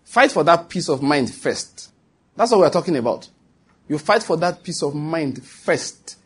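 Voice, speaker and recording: Husky-voiced male preacher. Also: on the high side, expressive, measured pace, a bit bright. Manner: emphatic and repetitive, with asides to the listeners. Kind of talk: sermon to a congregation.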